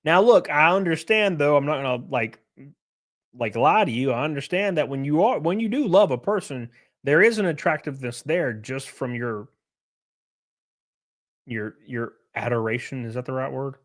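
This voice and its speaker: A man hosting a livestream, answering chat messages in a brash, profane, animated way. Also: mid-range voice, normal speed. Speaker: livestream host reading chat.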